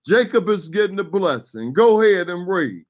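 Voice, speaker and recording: A man with a fairly high voice hosts a Bible talk on the radio. He breaks in with folksy, conversational commentary and keeps nudging the reader to carry on. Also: very animated, moderate pace. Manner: folksy, chiming in to prompt the reader. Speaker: radio show host leading Bible reading. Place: radio studio.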